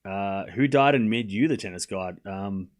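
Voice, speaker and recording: A man's voice: fairly low pitch, normal speed. A man hosting a live tennis watchalong stream, commentating on points and playfully scolding and pleading with his chat.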